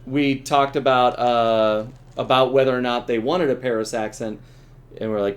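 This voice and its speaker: A man's voice: medium pitch, steady tone, moderate pace. A middle-aged man who voices game characters, chatting casually while playing a game, laughing often and trailing off mid-sentence. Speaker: streamer and voice actor.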